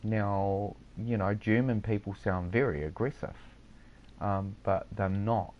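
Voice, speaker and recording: A gamer with a New Zealand accent chats laid-back over voice chat, offering easygoing advice and calling everyone "mate" a lot. His voice is on the low side, fairly even and unhurried, and the lo-fi audio has a little hiss or hum.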